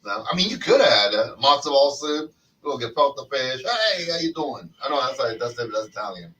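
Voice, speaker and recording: A man co-hosting a podcast in a loose joking chat, telling animated stories and slipping into silly voices. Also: medium pitch, brisk, recorded from a distance, rough recording. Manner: animated storyteller who slips into silly voices. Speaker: podcast co-host.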